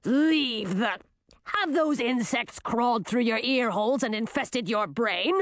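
A woman's voice: on the high side, a little slow, no room sound, natural voice. A woman reading an audiobook, voicing a savage male werewolf who growls out menacing threats. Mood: snarling, menacing. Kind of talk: audiobook character voice.

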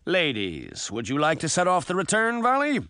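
A man voicing a boastful swashbuckling sea captain in an audiobook, speaking in grandiose, booming proclamations. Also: huge pitch swings, moderate pace, pushed and bright, no room sound, clean studio sound, heavily acted. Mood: gallant. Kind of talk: audiobook character voice.

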